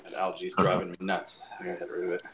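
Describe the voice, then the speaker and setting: A Canadian man with a lowish, bright, forceful voice, laid-back and joking. He swears offhandedly and sounds like he is on a casual video call with faint hiss behind him. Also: completely flat delivery, fast talker.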